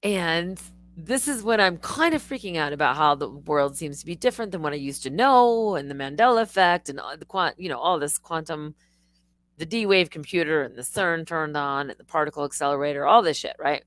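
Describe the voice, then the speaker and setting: A middle-aged woman rambles through a casual live-stream monologue, swearing and restarting her sentences as she goes. Her voice sits fairly low, and the close mic keeps the sound dry and near. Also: animated, a little fast, fairly bright tone, no room sound.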